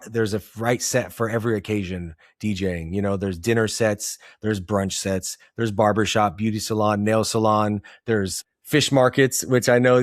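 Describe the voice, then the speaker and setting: A man's voice: lowish voice, dry recording, clean studio sound. A man hosting a podcast interview, easygoing and reflective, often agreeing with his guest. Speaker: podcast host. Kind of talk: casual interview. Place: podcast studio.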